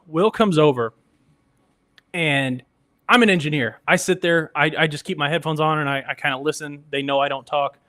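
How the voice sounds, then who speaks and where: An upbeat radio engineer appearing as a podcast guest tells a casual sports story in a slightly high voice. He animates his anecdotes and acts out quoted voices, captured in a dry, clean studio recording.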